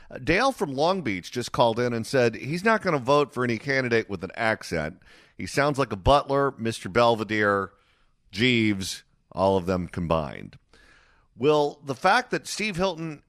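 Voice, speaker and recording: A male talk radio host riffs sarcastically on air, his pitch rising and falling freely. The studio sound is close and dry. He talks in quick banter. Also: no echo. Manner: animated, sarcastic.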